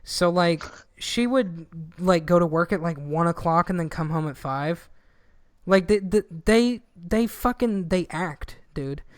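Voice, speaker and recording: A young man co-hosting a podcast, talking in a loose, rambling way and swearing a lot. His voice is smooth and clear, and it sits at a middle pitch. The sound is dry and close, with no room around it. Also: unhurried, no echo. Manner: rambling, profane, animated when quoting people. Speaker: podcast co-host. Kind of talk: casual chat.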